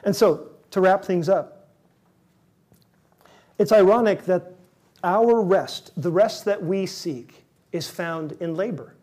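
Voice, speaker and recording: High-voiced man preaching a sermon. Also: takes it slowly, long pauses, darkish tone. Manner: acts out a doubting listener in a raised, pleading voice; dialogue between himself and an imagined listener. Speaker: pastor.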